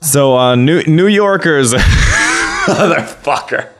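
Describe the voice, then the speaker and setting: A man's voice: fairly high pitch, animated, slow, noisy background. A man from Chicago co-hosting a podcast, laid-back and profane, laughing often. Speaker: podcast co-host. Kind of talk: casual podcast banter.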